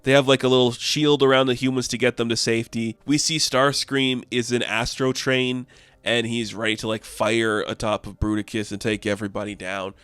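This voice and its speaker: A man casually reviewing a comic book, chatty and excitable, with lots of fillers. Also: mid-range voice, a little fast, clean tone, dry recording.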